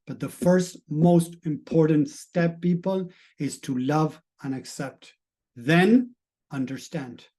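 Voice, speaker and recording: A middle-aged man with a fairly high voice speaks as a mindset coach on a live stream. He talks earnestly and emphatically, stacking rhetorical questions and checking in with his chat audience. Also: dark tone.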